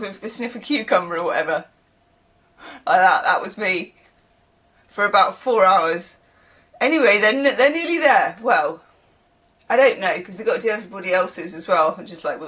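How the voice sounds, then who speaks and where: Chatty woman with a lively voice. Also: mid-range voice. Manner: rambling, chatty, with laughing asides. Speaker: tarot reader. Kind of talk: casual chatty reading.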